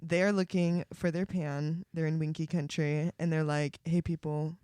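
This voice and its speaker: A woman's voice: sits low, fairly even intonation, unhurried, warm tone, clear, resonant tone, no echo. Profane rambling woman podcast regular. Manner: rambling, profane, laughs often. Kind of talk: casual podcast chat.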